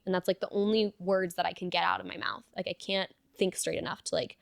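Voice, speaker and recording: A woman's voice: fairly low pitch, little pitch movement, quick pace, creaky, hardly any pauses, no echo. A young adult woman, a guest in an interview, earnestly telling a personal story and peppering it with "like". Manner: earnest, fillers of "like", reenacts dialogue.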